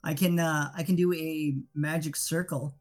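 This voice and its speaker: A man's voice: on the high side, level tone, normal speed. A man playing a tabletop game, talking in character with profane, sarcastic rants.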